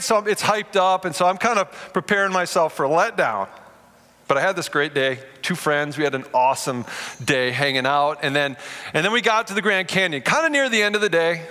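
Animated man preaching in a hall. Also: fairly high pitch, brisk. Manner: storytelling, animated, addresses the audience directly. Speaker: pastor. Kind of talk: sermon. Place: large room before a live audience. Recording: long reverb of a large hall.

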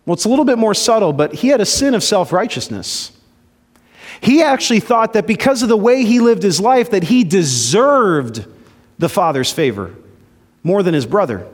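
A male pastor preaching a sermon, swinging between loud emphasis and hushed low lines and acting out the voices he quotes. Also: very animated, normal speed, in a large hall.

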